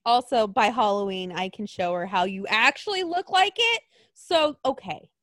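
A woman co-hosting a casual chat, ranting in an animated way with mock outrage and swearing. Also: on the high side, normal speed, no room sound, studio quality.

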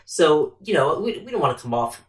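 A woman co-hosting a casual chat, animated and quick, acting out what people said. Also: deep voice. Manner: animated, quick, acts out quotes. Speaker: podcast co-host. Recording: echoey room.

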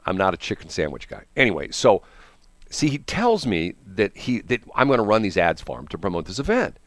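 A man's voice: fairly low pitch, fairly quick, dry recording. A man hosting a radio morning show, telling a rambling story on air and acting out the people in it. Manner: animated, acts out quoted people. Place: radio studio.

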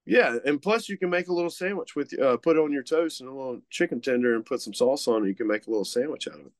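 A man's voice: medium pitch, quick pace, dry recording. A man co-hosting a casual chat, rambling with lots of fillers and restarts. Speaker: co-host, meat market owner.

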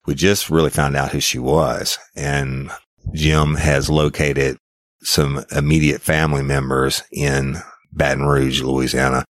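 A man's voice: a bass voice, flat delivery, unhurried, dry recording. A man hosting a podcast in a drawling, folksy way. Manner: drawling, folksy, uses y'all. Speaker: podcast host. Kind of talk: casual podcast talk.

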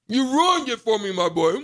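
A man co-hosting a radio show in casual chat, animated and playful, laughing often. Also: high voice.

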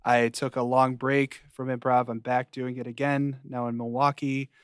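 A man's voice: medium pitch, little pitch movement, clean tone, no room sound. A man co-hosting a comedy podcast, chatting eagerly and playfully. His voice sits in an ordinary middle range. The recording is close and dry. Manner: enthusiastic, quick asides, playful. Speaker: podcast co-host. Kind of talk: casual chat.

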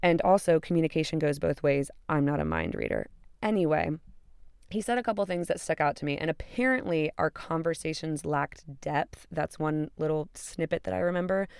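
A woman's voice: low-pitched, sing-song, moderate pace, darkish tone, clear, resonant tone, no room sound. Woman, twenties, podcast host, casual storytelling, candid and profane, dry close sound. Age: 20s. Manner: candid and profane, retelling with acted-out quotes.

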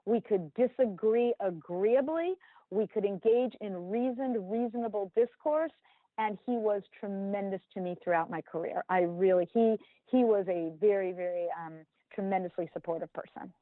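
A woman guest in a casual interview, speaking in measured, formal phrases with frequent ums. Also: mid-range voice, no echo, narrow, tinny audio. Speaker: interview guest, former football executive.

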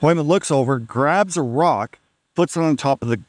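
A man's voice: a little high, normal speed. Man telling a funny story. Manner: laid-back, amused, acts out quotes. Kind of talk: casual comedic storytelling.

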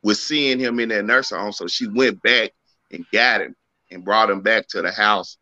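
A man on a talk show panel, telling family stories in a relaxed, conversational way. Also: fairly low pitch, moderate pace. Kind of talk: casual panel discussion. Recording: dull, lo-fi mic sound.

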